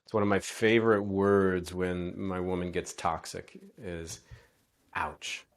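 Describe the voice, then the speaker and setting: A man's voice: low voice, steady tone, normal speed. A man in an interview, talking casually and animatedly as a relationship coach, acting out quoted exchanges as he explains.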